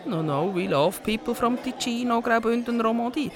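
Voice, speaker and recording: A woman from Switzerland with a Swiss German accent, performing a lively, mock-serious comic monologue with sudden shifts of tone. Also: a little high, normal speed, crowd noise. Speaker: comedian.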